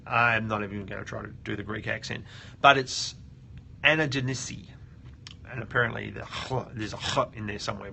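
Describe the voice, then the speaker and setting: A man's voice: fairly low pitch, vocal fry, pushed and bright, a little hiss or hum. A man hosting a casual screen-share tutorial, thinking aloud and often restarting his sentences. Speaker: host of a web audit show.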